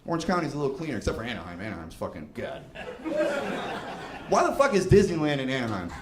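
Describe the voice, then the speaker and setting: A man in his thirties performing profane, animated stand-up on a comedy club stage into a handheld mic. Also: medium pitch, fast. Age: 30s. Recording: echoey club with crowd noise.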